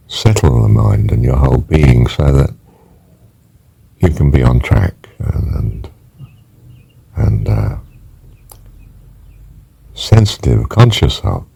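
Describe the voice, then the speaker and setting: Gravelly older man, slow and husky. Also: a bass voice, poor audio. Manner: slow, gentle counting with soft near-whispered stretches. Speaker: spiritual teacher. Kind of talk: guided breathing meditation.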